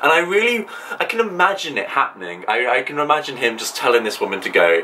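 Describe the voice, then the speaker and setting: A man's voice: medium pitch, very animated, fast, bright, forceful tone, slight background noise, poor audio. A man hosting his own video channel, talking to camera in an enthusiastic, chatty way with frequent ums. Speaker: channel host. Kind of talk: casual vlog talk to camera.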